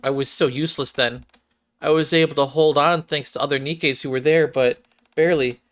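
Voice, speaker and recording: A man in falsetto as a timid tearful android girl. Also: fairly even intonation, normal speed, fairly bright tone, lightly acted. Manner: stammering, self-pitying. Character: timid tearful young female android fighter.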